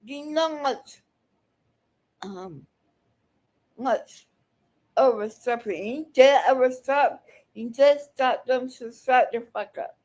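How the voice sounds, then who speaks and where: Angry woman reaction commentator, high voice, slow and scolding, heavy profanity. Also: darkish tone. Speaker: video commentator reacting to clips.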